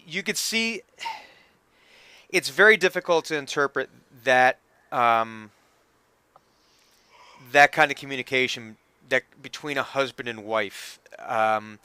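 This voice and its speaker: Casting: man as a chatty game master, bright and clear, dry room sound. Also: medium pitch, expressive, takes it slowly, pauses often, dry recording. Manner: casual, filler-heavy, laughing often. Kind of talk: narrating a tabletop game.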